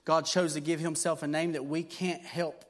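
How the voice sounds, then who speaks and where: A man with a somewhat high voice preaches in a loose, conversational way, stopping and restarting as he explains. He swings into forceful, repeated declarations. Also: little pitch movement, normal speed. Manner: conversational teaching with frequent fillers and restarts; builds to emphatic repeated declarations. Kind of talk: sermon.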